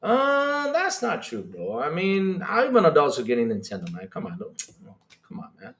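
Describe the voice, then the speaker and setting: A man hosting a live stream, reading chat aloud and reacting with excitable disbelief and frequent laughter. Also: a little high. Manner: excitable, incredulous, laughing, rapid swings in loudness.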